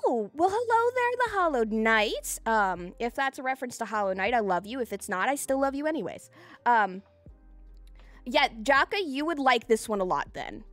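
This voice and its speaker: A woman live-streaming from home, chatting casually and excitably with her viewers, giggling often and gushing thanks into a desk microphone. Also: on the high side, moderate pace, no room sound, soft background music.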